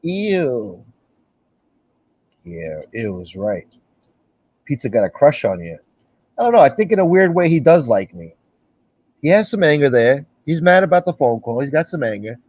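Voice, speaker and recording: A man's voice: medium pitch, sing-song, normal speed, long pauses, darkish tone, highs cut off. Blunt, sarcastic male stream host. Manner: blunt, sarcastic, swears a lot. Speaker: livestream host. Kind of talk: casual profane rant.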